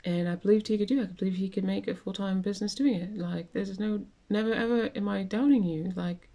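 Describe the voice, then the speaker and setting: A woman's voice: medium pitch, fairly quick, dark tone. A young woman venting in a casual vlog rant, rambling with many fillers and restarts. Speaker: vlogger.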